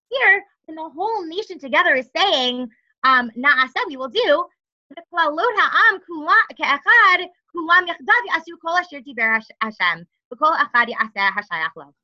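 A woman with a high, very bright voice teaches a Torah lesson, reading Hebrew verses and explaining them in English. She pauses, restarts her sentences and asks rhetorical questions. The recording sounds somewhat dull and lo-fi.

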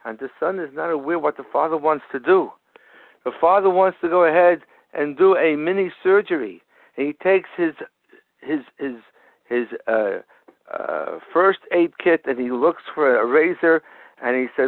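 A high-voiced man preaches a sermon through a parable, telling the story with frequent repetitions and restarts. The sound is narrow and tinny like a phone line, and completely dry. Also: normal speed, no echo. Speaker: Torah teacher. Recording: tinny phone-like radio broadcast.

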